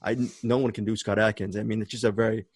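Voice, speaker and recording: A man's voice: lowish voice, level tone, quick pace, husky, no echo. A man hosting a podcast in casual chat, enthusiastic and repeating words as he thinks. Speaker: podcast host.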